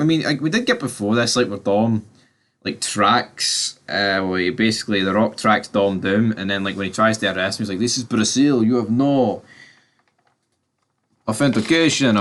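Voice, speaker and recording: A man rambles through a casual movie review, chatting to his viewers as if they were mates. His voice sits at an ordinary middle pitch, and he drops in the odd swear word without slowing down. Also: fairly bright tone. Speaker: film reviewer.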